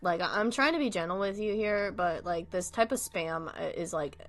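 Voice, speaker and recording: A non-binary streamer giving relaxed live commentary over a game, with a mid-range voice. The delivery is chatty and easygoing, and stays firm but gentle when addressing viewers. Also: medium pitch, normal speed. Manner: chatty, reads game text aloud, laughs often.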